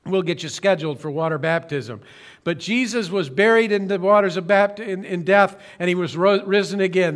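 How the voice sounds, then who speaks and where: Male pastor with a higher-pitched voice, earnest and slow-phrased sermon delivery, occasional self-corrections. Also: fairly bright tone. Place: church streaming service.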